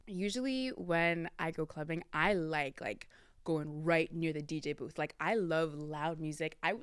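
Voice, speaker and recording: A woman in her early twenties, hosting a podcast and telling a casual story to her listeners. She talks in a chatty way, addresses them as y'all, and swings her pitch and volume for drama. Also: a bit bright, clean tone, no room sound, studio quality. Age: early 20s. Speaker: podcast host.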